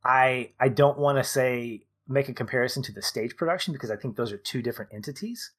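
A man's voice: medium pitch, fast, a bit bright. A man in his thirties co-hosting a podcast, chatting casually and enthusiastically, rambling and correcting himself as he goes. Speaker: podcast co-host. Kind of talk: casual conversational review.

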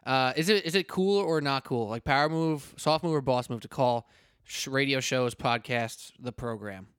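A man's voice: mid-range voice, moderate pace, fairly bright tone, smooth, no echo, clean studio sound. A man hosting a casual sports podcast, joking and rambling with frequent restarts. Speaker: podcast host. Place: indoors at a table with a co-host.

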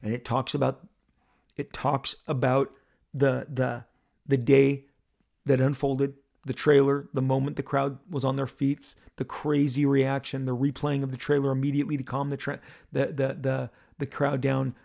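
Gravelly man telling an excited story. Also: medium pitch, moderate pace. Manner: excitable, acts out the crowd and others in bursts. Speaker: podcast host telling a story. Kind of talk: animated storytelling monologue.

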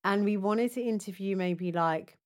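A woman's voice: mid-range voice, moderate pace. A young woman co-hosting a podcast in casual, slangy chat, laughing often. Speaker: podcast co-host.

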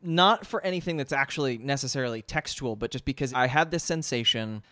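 A man hosting a conversational interview, giddy and animated, calling himself a nerd about books. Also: mid-range voice, a little fast, no room sound, studio quality. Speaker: podcast host.

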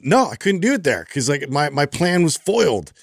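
A man's voice: on the high side, normal speed, creaky, no room sound, clean studio sound. A man co-hosting a podcast, telling a long story in casual chat and acting out the voices of people in it. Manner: animated, acts out voices in his stories. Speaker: podcast co-host.

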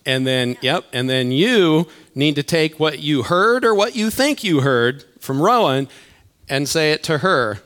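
A man's voice: on the high side, lively intonation, unhurried, fairly bright tone, smooth. Playful older man leading a church crowd. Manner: playful, chatty, addresses the crowd directly. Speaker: church elder leading a children's game. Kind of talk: sermon opener with audience interaction. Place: church auditorium.

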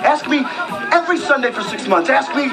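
An actor playing an eager young record-store clerk who wants to be a composer, in a film clip. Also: male voice, extremely high pitch, lively intonation, a little fast. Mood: pleading. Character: young man, eager aspiring composer, frantic. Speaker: film character. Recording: film clip with music and crowd, roomy, distant.

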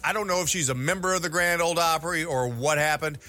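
Blunt bright-voiced male co-host. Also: fairly high pitch, fast talker. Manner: blunt, opinionated, trails off with fillers. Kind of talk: casual radio chat.

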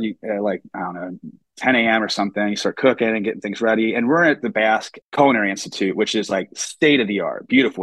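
A young American man, a chef, tells his stories in a loose, easygoing way. His voice sits on the low side and is recorded dry and close, with little room sound. He fills his talk with "like" and "you know" and acts out the people he quotes. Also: a bit bright, no echo. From United States. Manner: casual, full of fillers, acts out quoted voices. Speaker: chef, podcast guest. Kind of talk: casual storytelling interview.

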